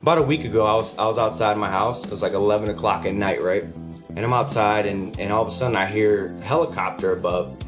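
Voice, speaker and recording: A man's voice: on the low side, quick pace, music in the background. A man co-hosting a podcast, telling a story in casual, swearing chat. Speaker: podcast co-host.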